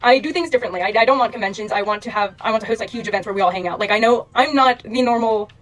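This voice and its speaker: A woman's voice: a little high, very fast. A young woman creator giving a rambling, earnest monologue to her followers, full of fillers. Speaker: social media creator.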